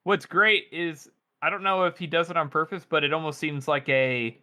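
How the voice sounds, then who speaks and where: A man with a bright, slightly high voice chats animatedly about a novel. He laughs often and restarts his sentences as his thoughts run ahead. The tone is loose and friendly. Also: fairly even intonation, moderate pace, smooth. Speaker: podcast co-host. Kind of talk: casual book discussion.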